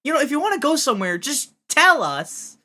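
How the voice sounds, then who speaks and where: A man voicing a timid young male survivor who is quick to whine and sob. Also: big pitch swings, bright, forceful tone, exaggerated voice. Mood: exasperated. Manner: whiny, high, sobbing.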